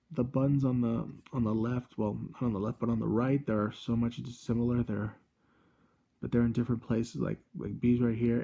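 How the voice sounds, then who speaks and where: A young man in his twenties hosts a casual gadget review vlog from his room. His voice is gravelly, husky and dark. He rambles in a halting way and keeps correcting himself mid-sentence. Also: medium pitch. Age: 20s. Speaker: channel host. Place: room at home.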